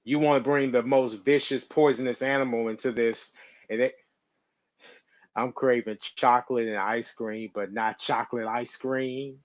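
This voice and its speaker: A man's voice: medium pitch, steady tone, normal speed. A man chatting casually on a stream, rambling and laughing often. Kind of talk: casual live-stream chat. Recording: slightly dull lo-fi mic.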